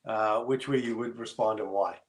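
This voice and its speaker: A man's voice: on the low side, fairly even intonation, moderate pace. A man co-hosting a casual podcast, reading out scenarios and laughing easily. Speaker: podcast co-host.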